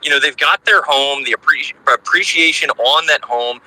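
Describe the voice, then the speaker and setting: A man co-hosting a live audio chat, talking in a measured, appreciative, explaining way. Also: fairly high pitch, sharp tone, poor audio. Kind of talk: casual chat.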